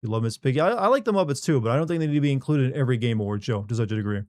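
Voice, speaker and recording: A man's voice: medium pitch, expressive, racing, a little mellow, no room sound, clean studio sound. A man hosting a livestream, chatting casually and wryly, rambling while he reads chat aloud. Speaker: livestream host. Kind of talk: casual post-stream chat.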